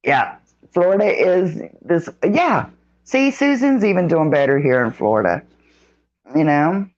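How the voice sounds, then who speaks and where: A middle-aged woman chatting casually on a live stream, reading out the live chat and greeting viewers by name in a folksy, drawn-out way. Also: on the low side, big pitch swings, a little mellow, muffled recording.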